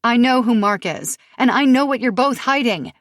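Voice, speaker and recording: A woman's voice: on the high side, lively intonation, moderate pace, dry recording, clean studio sound, pitched above the performer's own voice, natural voice. A woman narrator voicing a frightened, desperate young wife in an audiobook thriller, urgent and insistent. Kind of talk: audiobook character voice.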